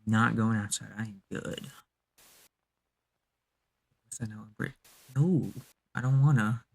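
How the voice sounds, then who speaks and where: A man's voice: lowish voice, slow, gravelly, poor audio. A male VTuber reacting to a scary video, panicking and stammering as he mutters to himself. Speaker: VTuber streamer. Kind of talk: scared reaction commentary.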